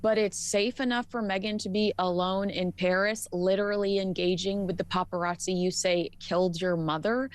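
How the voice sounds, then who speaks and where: A woman's voice: medium pitch, fairly even intonation, normal speed, hardly any pauses, no room sound. Texan woman commentator, emphatic and indignant. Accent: Texas. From Texas. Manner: emphatic, indignant, rhetorical questions. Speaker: commentator guest. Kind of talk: opinionated commentary.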